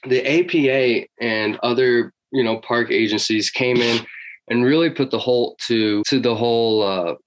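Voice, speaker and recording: A man's voice: medium pitch, unhurried, rough recording. A man talking casually about hunting history in an interview, rambling with many fillers and restarts. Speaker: hunting guest.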